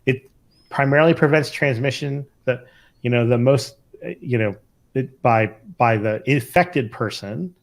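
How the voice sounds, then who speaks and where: A man's voice: medium pitch, measured pace. A middle-aged man, an emergency physician co-hosting a casual podcast, talking thoughtfully with lots of fillers and restarts.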